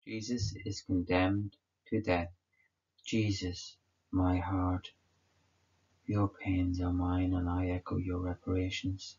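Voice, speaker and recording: A man reads a devotional meditation in a solemn, prayerful way. His voice is very deep and husky with a gravelly edge, and it is heard through a dull lo-fi recording. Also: flat delivery, slow pace, a little mellow. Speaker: devotional reader.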